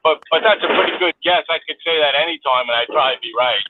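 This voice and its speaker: A man's voice: fairly high pitch, fast. A man chatting casually on a livestream while driving, laughing easily. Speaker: co-host on a livestream. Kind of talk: casual chat. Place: in a moving vehicle. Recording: tinny phone line with faint noise.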